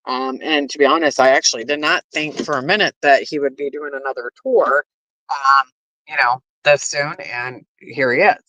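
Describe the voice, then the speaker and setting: A woman's voice: a bass voice, normal speed, sharp tone, dry recording. A woman giving a casual opinion rant to her viewers, blunt and full of swearing and fillers. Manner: addresses viewers directly. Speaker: commentary streamer. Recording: dull lo-fi stream audio.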